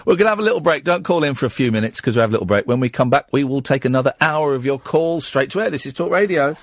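A man's voice: a little high, wildly swooping pitch, fast talker, no echo. Radio host guy, rambling and jokey, bouncy voice, dry studio mic. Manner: rambling, playful, giggly, full of restarts. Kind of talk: late-night radio phone-in chat. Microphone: studio microphone.

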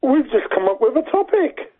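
High-voiced Brummie man on a tinny phone line. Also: very animated, moderate pace. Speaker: radio co-host.

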